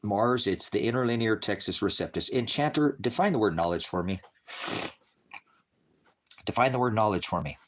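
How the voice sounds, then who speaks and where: A man preaching on a livestream, berating viewers in his chat with constant profanity and swinging between shouting and muttering. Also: fairly low pitch, lively intonation, normal speed, long pauses.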